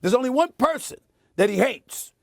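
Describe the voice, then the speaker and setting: A middle-aged man hosting a sports debate show, making his point with forceful, preachy repetition in a TV studio. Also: very high-pitched, lively intonation, moderate pace, creaky, dry recording. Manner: emphatic and preachy, repeats phrases for effect. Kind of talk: heated on-air sports commentary.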